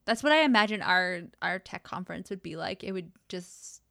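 A woman's voice: fairly low pitch, lively intonation, normal speed, creaky, a bit bright, no room sound, clean studio sound. Playful woman co-hosting a tech podcast. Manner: playful, teasing, laughs often. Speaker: podcast co-host. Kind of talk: casual tech podcast chat.

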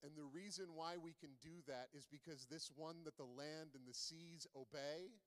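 A man's voice: on the high side, moderate pace, fairly bright tone. A man preaching a sermon in a conversational way, asking the listeners many rhetorical questions. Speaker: pastor. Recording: long reverb of a large hall.

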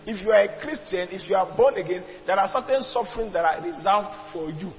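A man's voice: sits high, lively intonation, a little fast, soft background music. A man preaching a sermon, emphatic and repetitive, calling on the congregation to respond. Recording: dull lo-fi recording with long reverb.

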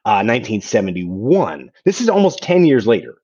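A man hosting a casual podcast, telling history in an animated way with swearing and many restarts. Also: fairly low pitch, moderate pace, husky. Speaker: podcast host. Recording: dull lo-fi sound.

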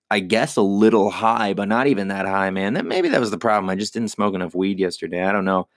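A young man with a lowish voice talks through a loose, profane monologue, circling back on himself and owning his mistakes. The sound is dry and close, with no room around it. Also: no echo. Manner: profane, rambling and self-critical. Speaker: stand-up comedian. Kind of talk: casual monologue.

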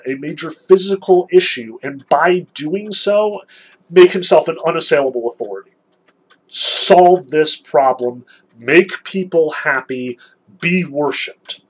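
Male lecturer, fairly high voice, chatty, talks fast in asides. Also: low-quality recording. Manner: chatty, animated, self-deprecating asides. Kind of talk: casual literature lecture.

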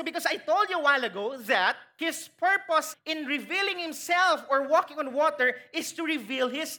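A Filipino woman delivers a sermon in a high, bright voice. She keeps asking her listeners questions and playfully acts out quoted lines as she teaches. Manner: lively, questioning the congregation, acting out quotes. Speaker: preacher.

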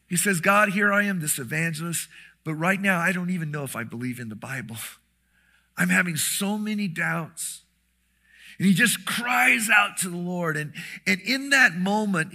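A pastor preaching an impassioned sermon, swinging from shouts to hushed whispers. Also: male voice, fairly high pitch.

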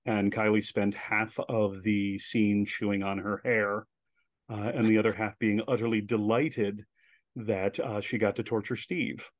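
A man guest telling stories in a casual interview, chatty and animated, with many filler words. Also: on the low side, a little slow, no echo. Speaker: guest, director and writer.

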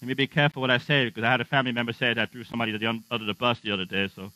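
Racing along in a flat, sharp, mid-range voice, a middle-aged pastor delivers a church sermon that's humorous and conversational, frequently asking the congregation questions. It's a dull, slightly lo-fi dry recording with mains hum and no audible room.

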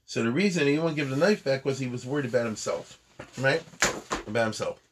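A man's voice: mid-range voice, very fast, background noise. A man teaching Talmud in a chatty, digressive lecture style, often restarting his sentences.

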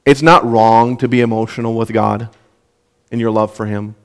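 A man's voice: mid-range voice, fairly even intonation, moderate pace. A young man preaching a sermon in an earnest way, often repeating words as he restarts a thought. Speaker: pastor.

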